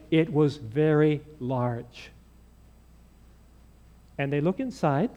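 High-voiced man preaching with animated stories. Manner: animated, acts out dialogue. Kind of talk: sermon storytelling.

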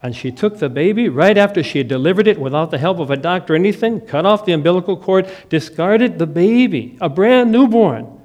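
A middle-aged man from the American Upper Midwest preaching a sermon as a personal story, dropping to a hush and then rising to emphatic lines. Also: sits high, lively intonation, fairly quick, hardly any pauses. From Upper Midwest of the United States. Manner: dramatic storytelling, swinging from hushed to emphatic. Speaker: pastor.

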